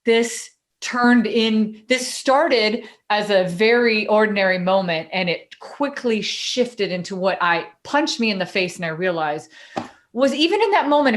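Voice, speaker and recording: A woman co-hosting a podcast, telling a personal story in a chatty, animated way. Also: mid-range voice, moderate pace. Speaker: podcast co-host and coach. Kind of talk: casual storytelling in conversation.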